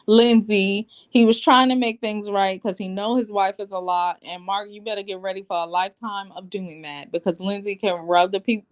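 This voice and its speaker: A woman recapping a reality TV episode in casual, sassy commentary, acting out quotes as she goes. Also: mid-range voice. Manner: sassy and animated, quoting people in put-on voices.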